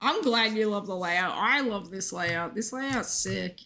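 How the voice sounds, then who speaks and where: A woman's voice: medium pitch, expressive, measured pace, pushed and bright. An Australian woman streaming a game, chatting casually in a jokey, rambling way and answering her chat.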